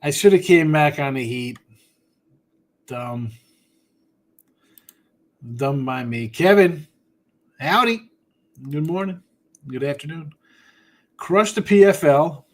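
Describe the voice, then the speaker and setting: This sports betting podcast host speaks in a fairly high voice at a slow pace, leaving long pauses. Worn out from a short night and yawning, he reads viewer comments and chats in a rambling, offhand way, calling people in chat by name.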